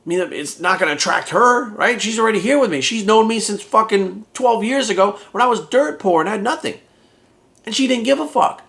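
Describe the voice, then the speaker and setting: A man's voice: sits high, animated, brisk, few pauses, bright, forceful tone. A man in his forties, a fitness coach, talking bluntly and emphatically in a candid motivational monologue full of swearing. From United States. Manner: blunt, heavily profane, emphatic.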